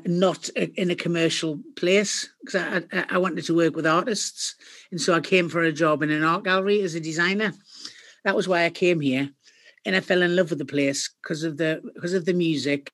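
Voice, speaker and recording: A middle-aged woman with a Geordie accent, a podcast guest telling stories in a chatty, animated way. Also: lowish voice. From Northeast England. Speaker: guest, company founder. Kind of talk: podcast interview.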